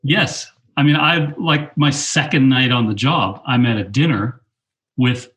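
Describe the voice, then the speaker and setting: A man's voice: medium pitch, unhurried. An older man telling film-set stories in an interview, acting out his own past lines in a raised voice. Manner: animated anecdotes, quotes himself in a raised voice. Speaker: guest, film director and teacher. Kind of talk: storytelling interview.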